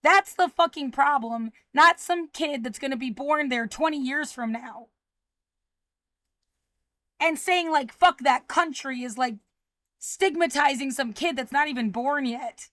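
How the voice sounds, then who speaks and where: Upset woman swearing a lot, high voice, mutters then yells, dry close sound. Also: unhurried, no room sound. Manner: swearing, shifting between muttering and shouting. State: upset, frightened. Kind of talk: agitated personal video rant.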